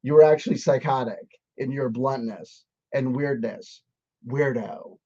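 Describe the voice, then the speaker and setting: A man's voice: mid-range voice, unhurried, warm tone, no room sound. A man giving a sarcastic, profane, heated rant in reaction to a video. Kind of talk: ranting video commentary. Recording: dull, dry sound.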